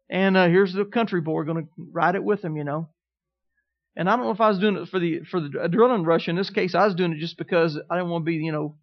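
A middle-aged man preaching a sermon in a high voice, telling stories and asking the room for amens. The recording is dull and muffled. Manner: storytelling preacher, calls out "Amen?" to the congregation. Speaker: pastor.

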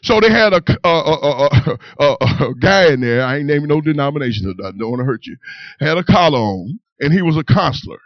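High-voiced man giving church testimony. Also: fairly quick, no echo, lo-fi sound. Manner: animated storytelling with repeated "you understand". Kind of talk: personal testimony told to a congregation.

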